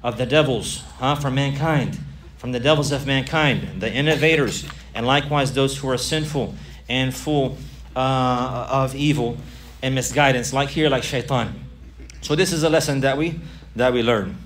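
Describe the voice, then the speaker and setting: A man's voice: medium pitch, normal speed, a bit bright, distant mic, a little hiss or hum. A man preaching a sermon in an earnest, emphatic way, often repeating phrases for stress.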